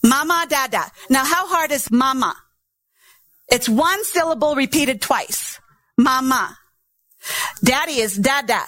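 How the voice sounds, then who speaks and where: A woman's voice: high-pitched, moderate pace, fairly bright tone, dry recording. A middle-aged woman pastor preaching a sermon, teaching patiently and sounding out syllables to demonstrate.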